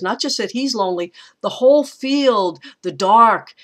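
A woman teacher giving a recorded lecture, talking in a thoughtful, unhurried way with frequent pauses and restarts. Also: on the high side, lively intonation.

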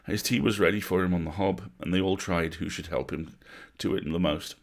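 A man reading a classic story aloud at a measured, atmospheric pace, as a bedtime story. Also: sits low.

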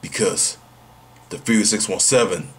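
A man's voice: on the low side, measured pace, a bit bright, slight background noise. A man talking to camera in a casual vlog, brash and slangy, repeating rhetorical questions. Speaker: vlogger.

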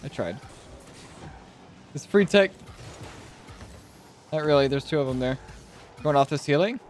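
A young man streaming a car-soccer game, joking and trash-talking, then shouting and squealing at big plays. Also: fairly high pitch, measured pace, faint music behind. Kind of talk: live gaming commentary.

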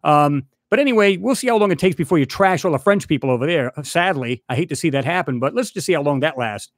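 Channel host, male, fairly high voice with big swings, dry close sound, angry rant style. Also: lively intonation, fast, no echo. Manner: heated, repetitive, addresses a rival directly. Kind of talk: angry ranting vlog.

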